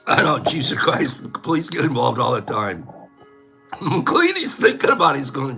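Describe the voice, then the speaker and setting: A man's voice: mid-range voice, huge pitch swings, normal speed, vocal fry, pushed and bright, soft background music. A middle-aged man hosting a casual chat, goofy, often laughing and breaking into silly bird calls. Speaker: host.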